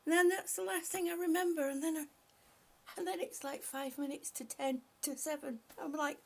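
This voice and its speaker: A woman hosting a casual live stream, greeting viewers by name, short of breath and breathy, often dropping to a whisper. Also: high voice, steady tone, moderate pace. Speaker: livestream host.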